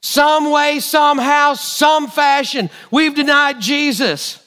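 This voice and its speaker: A man preaching a sermon, telling a story with lively, acted-out quotes. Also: very high voice, slow pace. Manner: animated storytelling, acting out quotes.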